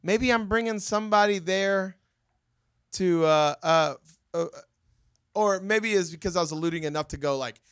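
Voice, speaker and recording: A fairly high-pitched man telling a story on a podcast, lively and animated as he acts out every voice. The sound is dry and close, with no room echo. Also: normal speed, clean tone. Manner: animated, acts out quoted voices, laughs often. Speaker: podcast host. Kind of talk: casual storytelling chat.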